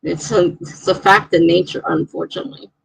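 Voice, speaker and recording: A woman's voice: fairly low pitch, steady tone, fairly quick, creaky, husky, no room sound, rough recording. A woman hosting a live stream, chatting casually and reading out viewer comments in a rambling way.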